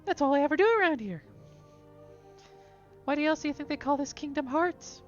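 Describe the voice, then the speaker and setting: A man voicing a cheerful squeaky cartoon mouse in falsetto, sounding gleefully menacing. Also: brisk. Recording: dull lo-fi with faint music.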